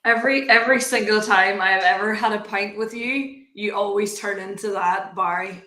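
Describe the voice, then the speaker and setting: A woman's voice: mid-range voice, fairly even intonation, normal speed, bright, forceful tone, echoey room. A woman co-hosting a livestream, chatting in a teasing, enthusiastic way. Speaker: livestream co-host. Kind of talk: casual chat.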